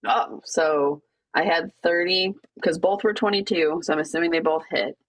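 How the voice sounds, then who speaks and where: A woman playing in a tabletop game, chatty and giggly, asking quick rules questions and adding up her rolls aloud. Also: on the low side. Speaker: player.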